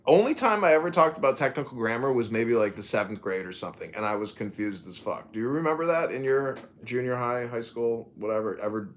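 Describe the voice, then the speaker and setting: A young man hosting a podcast in casual, profane, rambling chat, often laughing. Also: mid-range voice. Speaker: podcast host.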